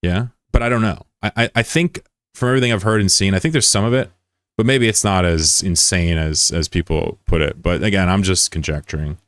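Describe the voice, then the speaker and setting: A man's voice: deep voice, fairly even intonation, fairly quick, a bit bright, no echo, studio quality. A man streaming live, chatting casually with viewers in a rambling, self-deprecating way. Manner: rambling and self-deprecating, reads chat aloud. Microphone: broadcast mic with voice filter.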